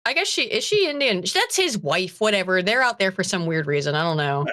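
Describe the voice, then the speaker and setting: An American woman chatting casually on a livestream, animated and laughing often, trailing off and restarting. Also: medium pitch, fairly quick. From United States. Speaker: stream co-host.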